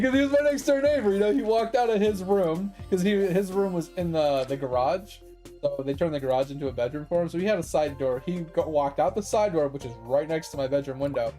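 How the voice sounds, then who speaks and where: A gaming streamer with a fairly high, mellow voice tells a long, rambling childhood story on his game stream. It's casual storytelling, packed with swearing and laughter.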